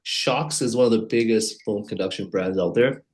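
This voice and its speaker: A man, a company head, demoing his product as a podcast guest, halting and restarting his sentences. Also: fairly low pitch, darkish tone. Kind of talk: casual product demo in an interview.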